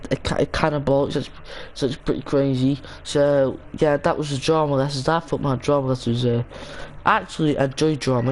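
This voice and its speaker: A man's voice: on the high side, low-quality recording. A young man streaming a game, chatting casually and rambling with lots of restarts and fillers. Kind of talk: casual gaming stream chat.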